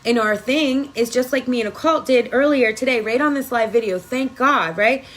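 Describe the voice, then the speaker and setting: A woman's voice: fairly high pitch, moderate pace, rough recording. A woman energy worker giving an emphatic, profane spiritual pep talk on a phone live video.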